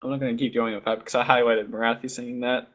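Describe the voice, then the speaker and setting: A man's voice: mid-range voice, flat delivery, fast, fairly bright tone. Playful young man joking with chat. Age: young adult. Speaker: co-streamer. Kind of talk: casual live stream chat.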